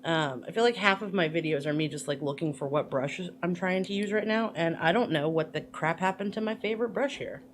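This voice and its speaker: A woman's voice: on the low side, fairly quick, hardly any pauses, a little hiss or hum. A woman chatting casually through a makeup tutorial, rambling with lots of fillers and playful asides. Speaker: makeup vlogger.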